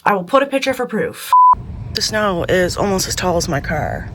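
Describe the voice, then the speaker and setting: A woman's voice: on the low side, sing-song, moderate pace, very noisy. A woman at her makeup table chatting casually through a makeup tutorial, self-deprecating and laughing often. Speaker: beauty vlogger.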